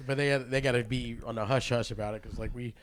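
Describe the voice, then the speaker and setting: A man, a comedian co-hosting a podcast, chatting casually and excitably with plenty of swearing. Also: mid-range voice, quick pace. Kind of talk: casual chat.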